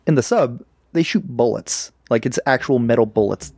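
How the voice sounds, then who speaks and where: A man co-hosting a podcast in casual chat, animated and laughing often as he acts out quotes. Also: medium pitch, moderate pace, vocal fry, husky, no room sound, clean studio sound. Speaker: podcast co-host.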